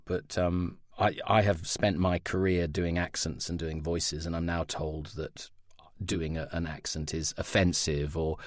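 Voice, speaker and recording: A man's voice: low voice, no echo, studio quality. An English man in his fifties, a voice actor talking candidly and wryly in an interview. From England. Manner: outspoken, wry, animated storyteller. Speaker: voice actor guest.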